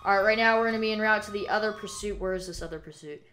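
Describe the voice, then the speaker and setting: A woman talks through her police role-play gameplay in an easygoing, chatty way, at a middle pitch for a woman. Now and then she snaps into loud, clipped officer commands at suspects. Faint background noise sits under her voice. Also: rapid-fire. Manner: relaxed chatty narration that breaks into barked police commands.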